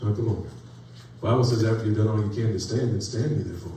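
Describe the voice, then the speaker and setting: A pastor with a lowish, mellow voice talks fast through a folksy sermon, telling stories and rising in emphasis. The sound is distant and echoey, from a church sanctuary, with faint noise.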